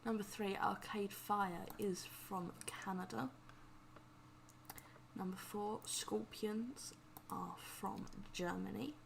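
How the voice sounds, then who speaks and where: A woman's voice: mid-range voice, fairly even intonation, takes it slowly, vocal fry, a little hiss or hum. A woman co-hosting a casual quiz night, reading answers and firing back dry, sarcastic remarks. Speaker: quiz co-host. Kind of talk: casual chat.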